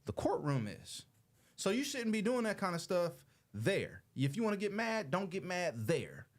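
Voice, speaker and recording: A man's voice: high-pitched, wildly swooping pitch, normal speed. A man in his thirties from Los Angeles, hosting a show and telling a story in a loose, slangy way, acting out the people he quotes. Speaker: show host. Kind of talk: casual storytelling to an audience.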